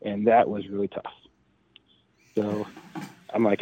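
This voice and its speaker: A man's voice: fairly low pitch, takes it slowly, a little hiss or hum. Man telling a story over a tinny phone line. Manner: animated retelling, acting out quoted dialogue. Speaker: podcast guest, drag racer. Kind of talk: casual storytelling.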